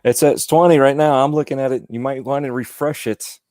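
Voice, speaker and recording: A man in casual podcast chat who rambles, restarts and leans on "you know." His pitch sits in the middle. The sound is dry and close. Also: fairly even intonation, fairly quick, darkish tone, no room sound. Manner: rambling, repeats words, lots of "you know". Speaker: podcast guest.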